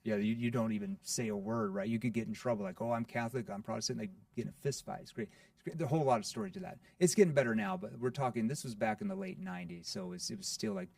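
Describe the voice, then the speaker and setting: Man, quick and gravelly, animated sales coach on a podcast, mic a little far in a dry room. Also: mid-range voice, dry recording. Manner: animated, acts out playful sales lines. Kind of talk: podcast interview.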